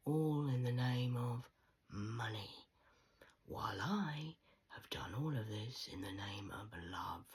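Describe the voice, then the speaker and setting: A woman's voice: rumbling low, husky. A woman in her forties telling a personal story in an agitated, profane monologue, often dropping to a whisper. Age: 40s.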